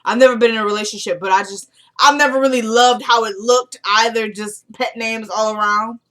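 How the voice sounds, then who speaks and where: A woman's voice: fairly high pitch, fairly even intonation, a little fast, fairly bright tone. A young woman chatting casually as she recaps a TV episode, retelling scenes by quoting the characters.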